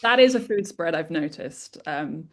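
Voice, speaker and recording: A woman's voice: deep voice, expressive, measured pace. A woman guest co-hosting a podcast, chatting in a friendly, self-deprecating way with some hesitant restarts. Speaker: guest co-host. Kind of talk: casual podcast chat.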